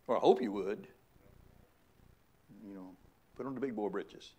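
A man's voice: lowish voice, measured pace, dark tone. A middle-aged man, a pastor preaching a sermon with emphatic, repeated rhetorical questions.

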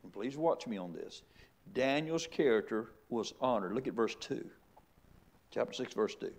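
A man's voice: medium pitch, expressive, normal speed. A middle-aged man, a pastor preaching a sermon with emphatic, repeated rhetorical questions.

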